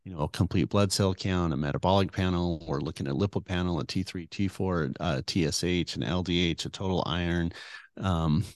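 A man's voice: deep voice, brisk, no room sound, clean studio sound. A middle-aged man answering interview questions as a guest doctor, earnest and rambling with many fillers.

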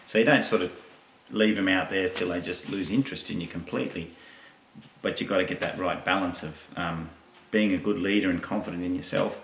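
A man who trains horses, giving a calm, rambling lesson with quoted asides. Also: low voice, fairly quick, a little hiss or hum. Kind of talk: instructional talk. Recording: echoey, distant mic.

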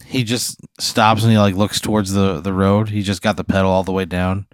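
Deep-voiced man narrating deadpan. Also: fairly quick, dry recording, clean studio sound. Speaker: host running an improvised scenario. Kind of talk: casual improvised storytelling.

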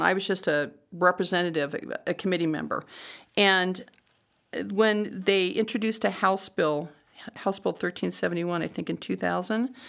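A judge in her sixties tells stories from her career in a relaxed interview. She is animated and quick to laugh, often slipping into acted-out versions of what she was thinking at the time. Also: mid-range voice, gravelly. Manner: animated, laughs often, acts out quoted thoughts. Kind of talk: conversational storytelling interview.

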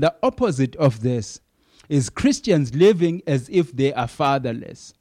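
A man's voice: medium pitch, sing-song, unhurried, mellow. A man preaching a sermon in an earnest way, repeating key phrases for emphasis, with some fillers.

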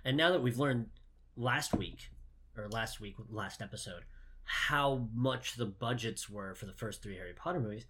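A man's voice: fairly low pitch, moderate pace, a bit bright, breathy edge. A man co-hosting a podcast, recapping a movie in casual, profane, joking chat. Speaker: podcast co-host.

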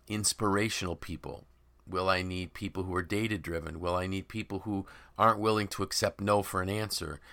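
A man hosting a podcast, talking in an emphatic, animated way and voicing imagined people's quotes. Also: sits low. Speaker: podcast host and author. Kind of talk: conversational podcast discussion.

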